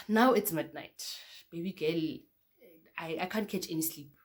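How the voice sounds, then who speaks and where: Chatty South African woman, lowish voice. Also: takes it slowly. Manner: chatty, addresses viewers as guys, repeats "okay, cool" between beats. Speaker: vlogger. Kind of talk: casual storytelling to camera.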